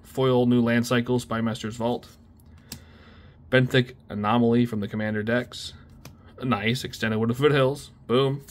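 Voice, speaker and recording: A young man casually talking through a card unboxing, excitable and slangy, often exclaiming at what he pulls. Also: mid-range voice, unhurried, slight background noise. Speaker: card opening video host.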